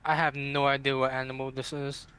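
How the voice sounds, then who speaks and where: A man's voice: medium pitch, flat delivery, brisk, bright, forceful tone, a little hiss or hum. A man playing in a tabletop game, laid back, chuckling between words. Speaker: player. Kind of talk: casual tabletop play.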